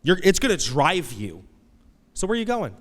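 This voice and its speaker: A man preaching a sermon in a church auditorium, his fairly high voice swinging widely in pitch. He breaks into loud, high outbursts when he acts out pleading voices from the story. A long hall reverb trails each phrase. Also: sing-song, moderate pace. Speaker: pastor.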